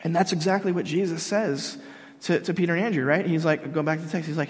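A man preaching a sermon in an animated way, acting out quotes, with frequent restarts. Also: fairly high pitch, quick pace, big-room sound. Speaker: pastor.

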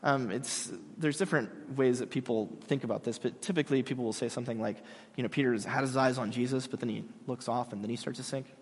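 A man preaching a sermon, telling a story with lively acted-out quotes that swing between loud calls and hushed words. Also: mid-range voice, fast, breathy edge, long reverb tail. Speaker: pastor.

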